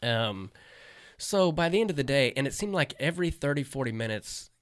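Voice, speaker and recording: A man's voice: medium pitch, expressive, brisk, no echo, clean studio sound. A middle-aged man, a stand-up comedian, telling a story in casual, laid-back chat, swearing and livening up when he quotes friends.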